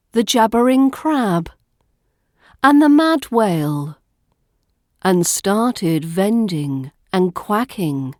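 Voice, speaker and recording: A woman's voice: mid-range voice, darkish tone, dry recording, clean studio sound. A woman with a British RP accent, hosting a podcast lesson as an accent coach, speaking carefully and spelling words out letter by letter.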